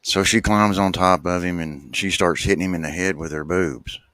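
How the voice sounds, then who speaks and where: A man telling a long folksy joke, acting out the characters' voices and climbing to a high squeal at the punchlines. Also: moderate pace, a bit bright, no echo.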